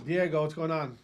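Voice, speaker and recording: A man's voice: on the high side, husky. A man in his thirties from Wisconsin, a gaming streamer chatting casually and profanely with his live chat, greeting viewers by name. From Wisconsin, US Midwest.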